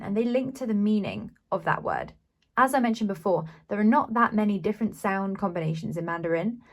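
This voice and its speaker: A woman teaching a beginners' Mandarin lesson, explaining patiently and sounding out syllables with care. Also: medium pitch. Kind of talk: slow, clear language lesson.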